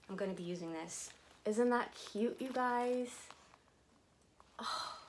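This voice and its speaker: A woman's voice: mid-range voice, slight background noise. A woman in her fifties unboxing gifts on a vlog, gushing and laughing often as she talks. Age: 50s. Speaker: vlogger. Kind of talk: casual unboxing chat.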